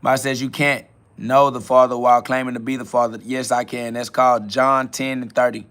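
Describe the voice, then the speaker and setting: A man's voice: mid-range voice, flat delivery, a little fast, a bit bright, smooth. A man hosting a live stream, answering chat questions in a preachy, blunt way, with casual slang and quoted Bible verses. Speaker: livestream host.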